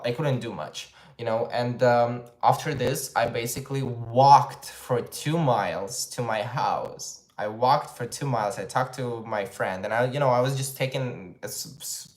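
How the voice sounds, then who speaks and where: A young man with a Russian accent, chatting on a livestream and telling a story while acting out what people said. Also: mid-range voice. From Ukraine. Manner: chatty storytelling, acts out quotes, says "holy moly". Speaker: livestream host. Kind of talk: casual live chat. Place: home, at a dining table. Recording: roomy echo.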